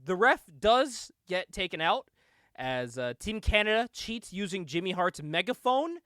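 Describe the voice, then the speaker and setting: A man's voice: high-pitched, sing-song, measured pace, a bit bright, no room sound, studio quality. A man co-hosting a podcast, casually recapping a wrestling show, laughing often, swearing and acting out quotes. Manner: giggly, swears a lot, acts out quotes. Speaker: podcast co-host.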